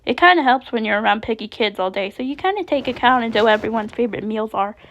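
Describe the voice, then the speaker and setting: Woman doing a rambling sun caretaker, bright and eager, higher voice, slight gravel, lo-fi. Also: fast. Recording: dull lo-fi recording.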